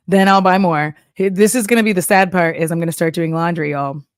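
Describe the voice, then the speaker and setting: A woman's voice: fairly low pitch, moderate pace, dry recording, studio quality. Chatty laughing woman streamer. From Texas. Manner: chatty, laughs often, acts out voices of banks and apps. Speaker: streamer reacting to a video. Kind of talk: casual live-stream chat.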